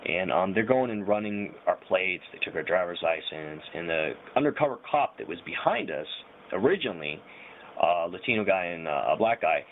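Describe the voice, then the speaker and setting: Young guy, lowish voice, loose slang-heavy storyteller, tinny lo-fi audio. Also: expressive, normal speed. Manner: rambling, loose slang and frequent fillers. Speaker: vlogger. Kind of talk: casual storytelling. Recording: tinny phone-like audio with faint hiss.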